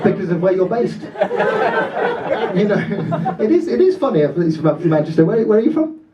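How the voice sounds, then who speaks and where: A man from Britain doing stand-up crowd work, swearing and laughing as he fires off quick, self-interrupting banter. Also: sits high, sing-song. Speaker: stand-up comedian. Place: comedy club stage before a laughing audience. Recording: roomy club sound from a distance, dull.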